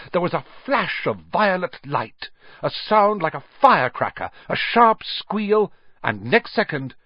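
A man reads a children's novel aloud in an animated, expressive way. His voice is husky and the recording dry and dull, like a lo-fi home setup. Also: on the high side, no room sound. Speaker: audiobook reader. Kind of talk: scripted narration.

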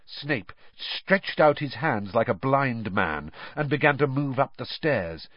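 A man reading an audiobook aloud with an animated, dramatic delivery, on a slightly dull, dry recording. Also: medium pitch, a little slow, dry recording. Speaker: audiobook narrator. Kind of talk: audiobook narration.

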